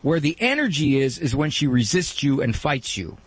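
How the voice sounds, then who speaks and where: A middle-aged man hosting a call-in advice show, lecturing emphatically with a gravelly voice. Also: on the high side, very animated. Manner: emphatic, lecturing, breaks into quick mock quotes. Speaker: radio advice host.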